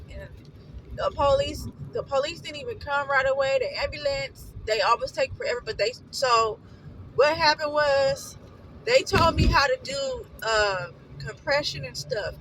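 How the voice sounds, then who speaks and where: A woman's voice: sits high, background noise. A young woman from Oakland, California, telling her own story to the camera in a casual, emotional way, wandering off into asides. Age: young adult. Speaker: vlogger.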